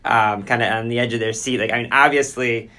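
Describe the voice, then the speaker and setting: Host: relaxed man with a mid-range voice who rambles a bit as he asks questions. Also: medium pitch, a little fast. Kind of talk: interview conversation.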